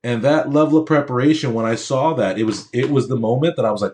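Man, mid-pitched, emphatic motivational speaker who talks casually with the crowd and repeats his points. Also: quick pace, darkish tone. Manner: conversational, checks in with the audience. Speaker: motivational speaker to aspiring medical students. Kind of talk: motivational speech with personal stories.

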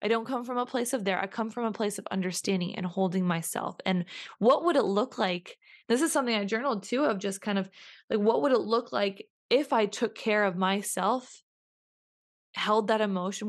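A young adult woman hosting a solo podcast, talking earnestly and reflectively, repeating herself for emphasis with frequent restarts. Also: mid-range voice. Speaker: podcast host.

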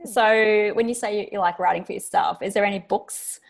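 A woman's voice: medium pitch, fairly even intonation, creaky. A woman co-hosting a casual interview, who asks questions and reacts with encouragement. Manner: friendly and encouraging, quick to react. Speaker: podcast co-host.

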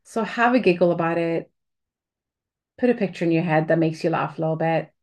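A woman speaks in a relaxed, candid advice talk. Her voice sits somewhat low. She rambles a bit, with fillers and restarts, like talking to a friend. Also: brisk. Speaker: host giving advice.

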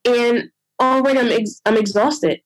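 A woman telling a personal story in casual conversation, animated and acting out what others said. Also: on the high side, normal speed, no room sound, low-quality recording. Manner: animated, re-enacts others with lively quoted voices. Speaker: guest sharing a personal story.

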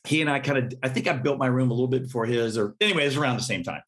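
A man's voice: medium pitch, racing. A middle-aged man, a musician, telling stories in a casual interview and acting out quotes with laughs. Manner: animated storyteller, laughs and acts out quotes. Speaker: musician guest.

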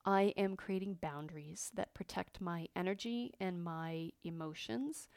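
A woman hosting a podcast, talking openly and earnestly about her feelings, with frequent pauses and fillers. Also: medium pitch, darkish tone, no echo. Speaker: podcast host. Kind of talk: personal reflective monologue.

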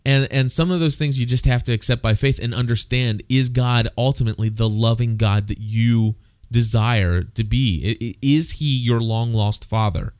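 A man's voice: medium pitch, moderate pace, darkish tone, smooth, no echo, clean studio sound. A man co-hosting a casual faith talk, speaking earnestly and often repeating words as he thinks. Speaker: co-host.

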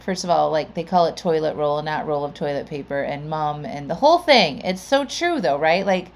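Female podcast host with a lower-pitched voice for her sex, chatty and upbeat, casual delivery. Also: normal speed, few pauses.

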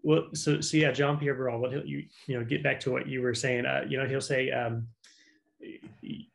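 Podcast guest: gravelly middle-aged man from South Louisiana, a reflective therapist who hedges with fillers and restarts. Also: medium pitch, level tone, normal speed, poor audio. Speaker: manual therapist. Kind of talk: casual podcast conversation.

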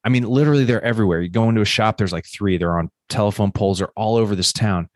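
Casting: low-voiced middle-aged man, emphatic podcast storyteller, close and dry. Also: racing, no room sound. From United States. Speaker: podcast co-host. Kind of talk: casual chat.

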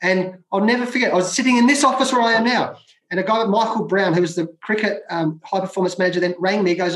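A middle-aged Australian man with a rather high voice tells his stories with emphasis, circling back to repeat his points. His voice rings with a roomy echo. He sounds like a guest talking freely in an interview. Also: quick pace, fairly bright tone. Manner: emphatic, repeats phrases for effect. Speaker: guest, former cricketer. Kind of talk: conversational storytelling.

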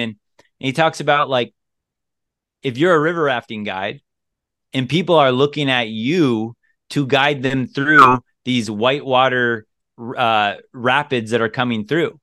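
A man's voice: mid-range voice, fairly bright tone, no echo, clean studio sound. A man co-hosting a podcast, talking earnestly in casual chat and repeating phrases for emphasis. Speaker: podcast co-host.

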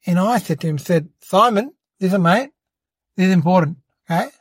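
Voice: mid-range voice, lively intonation, moderate pace, breathy edge, no echo. An adult voicing a cheeky young boy who hosts his own podcast, rambling and fibbing, often calling people "mate". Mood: boastful. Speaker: podcast host. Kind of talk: comedic character monologue.

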